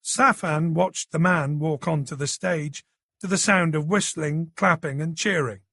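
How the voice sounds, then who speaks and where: Man narrating a thriller, dramatic, slow, bright lively voice, dry close sound. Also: fairly high pitch, creaky, slightly rough, no echo. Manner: dramatic, tense. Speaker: audiobook narrator.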